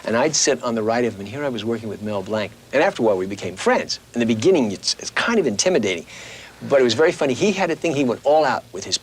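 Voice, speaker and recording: A man's voice: mid-range voice, very fast, breathy edge. A middle-aged man, a voice actor guest, chatting casually and animatedly in an interview, slipping into little voices as he tells stories. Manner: animated storyteller, slips into voices.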